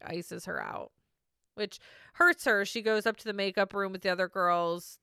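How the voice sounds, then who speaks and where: A woman's voice: lowish voice, gravelly, pushed and bright, smooth, dry recording, studio quality. A woman co-hosting a casual podcast, recapping a reality show, laughing often and swearing freely.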